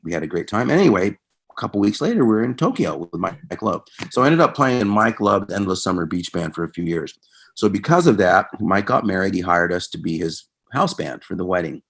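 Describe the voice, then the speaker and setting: A middle-aged man, a musician guest, telling stories from his career in a casual interview, lively in anecdotes and quieter when reflective. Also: low-pitched, a little fast, vocal fry. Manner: animated anecdotes, reenacting conversations; subdued, reflective when recalling loss.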